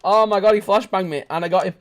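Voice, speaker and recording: A young man giving live gameplay commentary, chatting casually and shouting sudden excited exclamations. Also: sits high, fast talker. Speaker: gaming video host.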